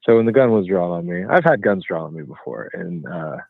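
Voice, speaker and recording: A man's voice: sits low, lively intonation, fairly quick, vocal fry, no room sound. A man in his thirties, a caller being interviewed by phone, rambling loosely with lots of filler. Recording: tinny phone line.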